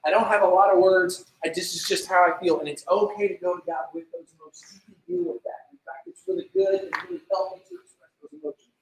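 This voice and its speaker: A man's voice: high voice, animated, fast, few pauses, slight background noise. Man, youth pastor, casual sermon, chatty with lots of "like", distant mic, big echoey room. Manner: conversational, lots of "like", acts out prayers in voices.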